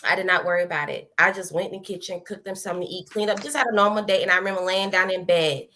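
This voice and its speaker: A woman tells her personal story with a bright, forceful tone. She acts out what she said back then and laughs easily along the way. The talk is casual and full of feeling. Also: medium pitch, rapid-fire, a little hiss or hum. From American South. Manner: acts out her own past words, laughs often. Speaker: guest giving a testimony.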